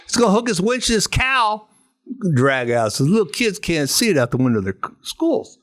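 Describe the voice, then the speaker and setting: A middle-aged man telling stories as a guest on a podcast, animated, with casual storytelling. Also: high-pitched, quick pace. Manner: animated storyteller who acts out voices.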